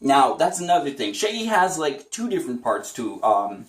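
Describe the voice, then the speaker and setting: A man gives a casual, upbeat voice acting tutorial, chatty and often laughing. His pitch swoops lively up and down. He sits a little back from the mic, and the room rings with echo. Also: normal speed, far from the mic. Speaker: voice actor teaching impressions. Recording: roomy echo, away from the mic.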